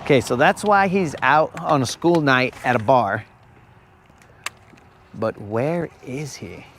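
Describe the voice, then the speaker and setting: A man's voice: mid-range voice, slow pace, fairly bright tone, slight background noise. A man hosting a live fishing stream outdoors on a lake, joking with viewers in casual chat and calling them bro.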